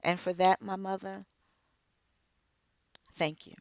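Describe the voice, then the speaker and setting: Slow, emphatic middle-aged woman speaker. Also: medium pitch, flat delivery, no room sound. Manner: emphatic, measured delivery with dramatic pauses. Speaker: author and radio co-host. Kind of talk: inspirational speech.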